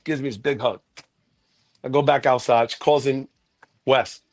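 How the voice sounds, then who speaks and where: A man's voice: mid-range voice, fairly even intonation, normal speed, a little mellow, dry recording. A man telling a long story in casual talk, profane and dramatic, acting out the people he quotes. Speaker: guest storyteller.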